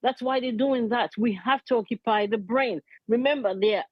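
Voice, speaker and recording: Brief: middle-aged woman, husky, higher-pitched, impassioned advocate giving testimony on a dull recording. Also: moderate pace, no echo. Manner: earnest, emotional, repeats key points. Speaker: community advocate.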